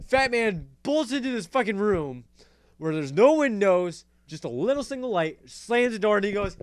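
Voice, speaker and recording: A man with a fairly high voice hosts a casual talk show and tells a story in a swearing, animated way. He laughs often while he talks. A faint hiss sits behind the voice. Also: moderate pace. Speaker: host.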